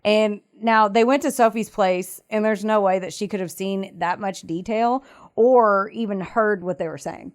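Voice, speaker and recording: A woman's voice: mid-range voice, moderate pace. Woman podcast host telling a true crime story, chatty, acts out the quotes, laughs a lot. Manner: animated retelling, acts out quotes, frequent laughter.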